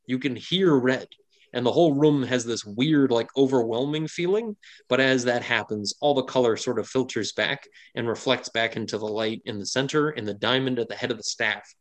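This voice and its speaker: Man narrating a fantasy game, full of fillers. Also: medium pitch. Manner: descriptive, rambling with many fillers. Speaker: game master.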